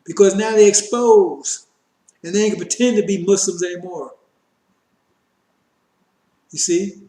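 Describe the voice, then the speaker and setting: A man's voice: high-pitched, fairly even intonation, a little slow, mellow, roomy sound. A man preaching a fiery sermon on scripture, repeating his points emphatically and addressing listeners as brothers. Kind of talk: fiery street-style sermon.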